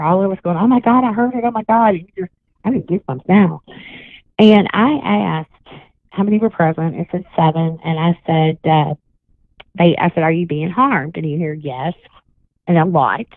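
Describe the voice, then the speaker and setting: A woman's voice: on the low side, moderate pace, no room sound. A woman guest on a radio call-in show, telling a long rambling story full of restarts. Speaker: guest psychic and paranormal investigator. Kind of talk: casual radio chat. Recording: tinny phone line, dry.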